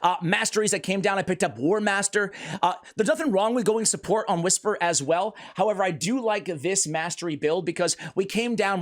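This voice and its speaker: A man hosting a gaming video, giving casual, excitable commentary on a character build and fights, joking at his own expense. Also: a little high. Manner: excitable, jokey, self-mocking.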